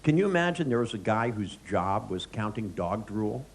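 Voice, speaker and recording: A man's voice: fairly low pitch, very animated, moderate pace, a little hiss or hum. A middle-aged man, a therapist, giving a live seminar lecture, joking, telling anecdotes and quizzing the audience. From United States.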